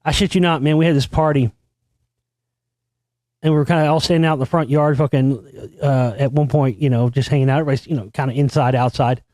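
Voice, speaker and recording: A man's voice: steady tone, fast, no room sound, studio quality. Swaggering, foul-mouthed man telling a story. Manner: crude, swaggering, heavy swearing; acts out quotes with sudden loud high outbursts. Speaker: show host. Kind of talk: profane storytelling monologue.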